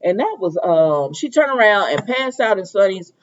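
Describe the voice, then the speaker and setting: Woman, casual soap opera recapper, animated storyteller, mid-range voice, lo-fi recording. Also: mid-range voice, normal speed. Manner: animated, acts out characters' lines, trails off with "or whatever". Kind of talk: casual chatty episode recap.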